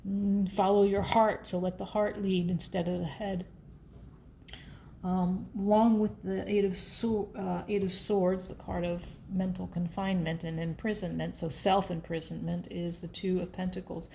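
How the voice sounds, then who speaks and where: A woman's voice: fairly low pitch, little pitch movement, normal speed, vocal fry, warm tone, slight background noise. A woman giving a casual, emotional tarot reading, thinking aloud as she shuffles and pulls cards. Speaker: tarot reader.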